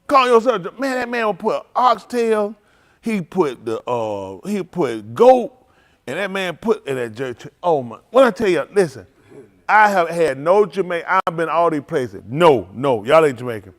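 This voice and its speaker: Excitable pastor, slightly high voice, casual storyteller. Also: male voice, moderate pace. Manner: animated, laughing, excitable.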